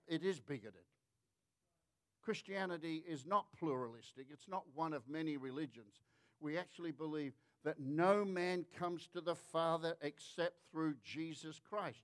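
An Australian man delivers a forceful sermon in a voice sitting a little above the usual male range. He builds his points through lists and rhetorical questions to the congregation. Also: a little high. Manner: emphatic, rhetorical, repeats "how many of you know". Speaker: preacher.

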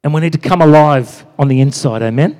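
A man's voice: fairly high pitch, a little fast, darkish tone. A man preaching a sermon in a conversational way, with lots of "you know" and "amen?" asides. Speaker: pastor. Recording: long hall reverb.

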